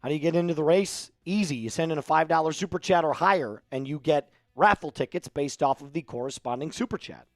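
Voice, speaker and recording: A man's voice: on the high side, fast, few pauses, no echo, clean studio sound, faint music behind. A man hosting a casual live stream, joking around and reading out viewer messages. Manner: joking, reads out viewer chat. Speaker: livestream host.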